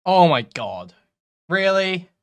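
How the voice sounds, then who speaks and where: A man hosting a commentary channel, reacting to clips in a profane, casual way and swinging between mumbled asides and loud outbursts. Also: sits high, sing-song, slow pace, clean tone.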